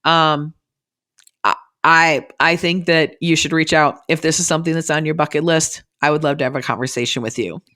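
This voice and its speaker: A woman's voice: sits low, steady tone, normal speed, sharp tone. A woman in her thirties from Minnesota, a podcast host and real estate agent, talking in a chatty, earnest, encouraging way with lots of "like"s and restarts on a close mic. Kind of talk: casual solo podcast talk.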